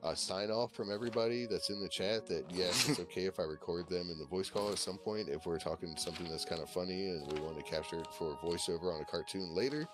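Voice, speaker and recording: Loud music plays behind this low-voiced Virginia man as he talks fast, barely pausing, on a casual voice call. His chat is rambling and profane, stuffed with fillers like "you know" and "like."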